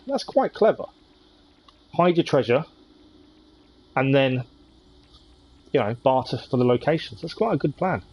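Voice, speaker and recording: A man commenting on a live game stream in a relaxed, chatty way. His voice is husky and sits at an ordinary pitch, and he reads out on-screen text between remarks. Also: unhurried, pauses often, low-quality recording.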